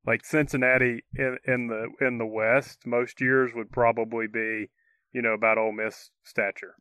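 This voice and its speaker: A man's voice: medium pitch, level tone, moderate pace, pushed and bright, smooth, dry recording. A man co-hosting a casual sports talk show, opinionated and easygoing, chuckling often. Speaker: co-host.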